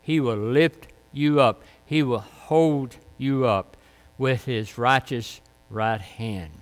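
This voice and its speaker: Man, pastor, emphatic sermon delivery, very slow pace, echoing hall. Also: medium pitch. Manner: slow, emphatic preaching with repeated phrases. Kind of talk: sermon with closing prayer. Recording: long hall reverb.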